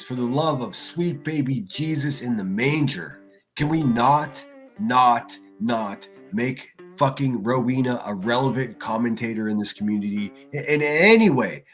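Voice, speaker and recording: Guy ranting on his stream, swears a lot, mocks people, some music faint behind. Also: medium pitch. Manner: crude, mocking, ranting, quick shifts in loudness. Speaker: livestream host. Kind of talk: profane livestream rant.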